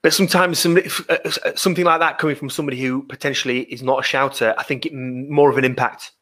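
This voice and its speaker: A man's voice: mid-range voice, fairly even intonation, quick pace, fairly bright tone. A man hosting a podcast interview, often stumbling, repeating and restarting his words. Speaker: podcast host, business owner. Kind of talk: casual interview chat.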